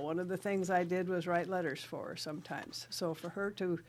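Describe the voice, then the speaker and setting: An older woman from South Dakota speaks as a guest writer and rancher. She tells her stories in a lively way, laughing often and breaking into recited verse. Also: on the low side. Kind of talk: radio interview storytelling.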